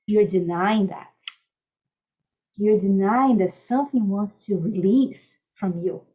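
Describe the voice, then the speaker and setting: A woman life coach speaking gently and soothingly in a podcast interview, softly repeating calming mantras. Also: medium pitch, poor audio.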